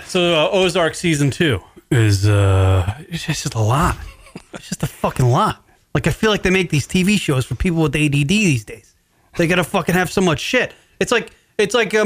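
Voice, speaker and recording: A male radio host with a somewhat high voice who rambles through loose, profane rants. He talks casually into a studio mic, cursing in nearly every sentence. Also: fairly bright tone. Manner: rambling, swears constantly, ranting.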